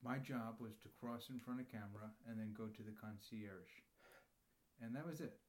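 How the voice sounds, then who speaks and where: Młody mężczyzna, swobodnie opowiada anegdoty. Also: male voice, on the low side, moderate pace, a little mellow. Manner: rambling storytelling, often mimics people. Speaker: podcast guest. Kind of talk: casual chat.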